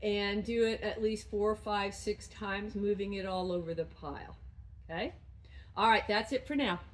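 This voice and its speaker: A woman dog trainer coaching a student through footwork and play, breaking into high, excited praise when she plays with the dog. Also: moderate pace, low-quality recording. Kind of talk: remote training lesson.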